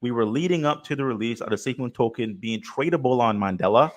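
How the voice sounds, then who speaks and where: A man's voice: medium pitch, lively intonation, fast. A man moderating a live crypto panel, who talks in a conversational way and steers the discussion to new topics.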